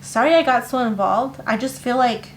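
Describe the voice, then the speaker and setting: A woman reads tarot cards in a chatty, emphatic way, throwing in lively asides and little acted-out quotes. Her voice sits a touch high for a woman. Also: moderate pace, a little hiss or hum. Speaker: tarot reader. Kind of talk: casual spoken tarot reading to camera.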